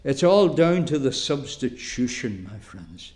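A man with an Irish accent preaching a sermon slowly and deliberately, with emphatic pauses. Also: medium pitch, very animated, a little mellow.

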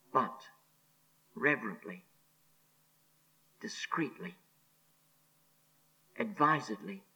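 Slow, emphatic preacher with a bright voice. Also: male voice, medium pitch, breathy edge, low-quality recording. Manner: slow and emphatic, repeating phrases, dropping to a hushed near-whisper. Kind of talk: expository sermon.

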